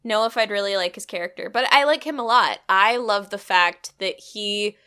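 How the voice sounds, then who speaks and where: An enthusiastic woman hosting a casual podcast, laughing often between her points. Her voice is bright and lively in tone. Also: medium pitch, moderate pace, clear, resonant tone. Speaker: podcast host.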